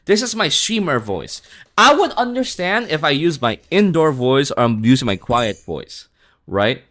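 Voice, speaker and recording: A man from the Philippines, chatting casually on a live stream, animated and laughing often, swearing and saying bro a lot. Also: on the high side, measured pace.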